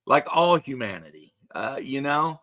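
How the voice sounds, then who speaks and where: A man's voice: medium pitch, lively intonation, unhurried, pushed and bright. A man in his thirties hosting a livestream, chatting loosely and joking with viewers. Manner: loose, rambling, joking banter. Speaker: livestream host. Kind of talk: casual chat to stream viewers.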